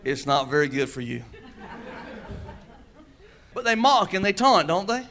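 A man's voice: high-pitched, very animated, measured pace, a bit bright. Man preaching with playful call-and-response. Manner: acts out quoted voices with humor. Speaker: pastor. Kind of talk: sermon.

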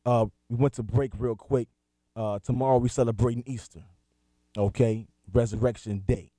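A man's voice: mid-range voice, steady tone, normal speed, mellow, dry recording. A man hosting a Christian talk radio show, preaching in a direct, emphatic way. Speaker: radio host and minister.

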